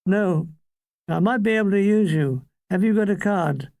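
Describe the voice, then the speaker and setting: A man voicing a brusque male bandleader who talks quick and businesslike. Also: sits high, gravelly, a little mellow, dry recording.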